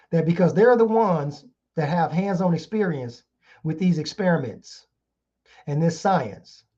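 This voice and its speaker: A man's voice: on the high side, dark tone, breathy edge. Man, preaching-style talk, repeated "hmm?" asides, muffled lo-fi audio. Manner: rhetorical, keeps asking "hmm?", heated. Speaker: online show host. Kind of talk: casual lecture reading articles. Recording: dull lo-fi sound.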